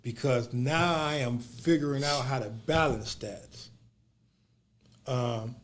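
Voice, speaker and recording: A man's voice: medium pitch, slow pace. A man hosting a podcast, talking casually and reflectively, restarting phrases as he thinks, with slang like "bruh". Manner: reflective, repeats words as he searches. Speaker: podcast host. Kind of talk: casual conversation.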